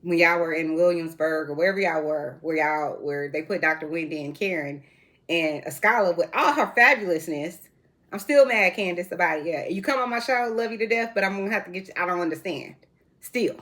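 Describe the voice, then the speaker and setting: A woman's voice: lowish voice, brisk, fairly bright tone. A woman hosting her own reality TV recap show, talking casually and bluntly to her viewers in slangy, sassy asides from indoors at home.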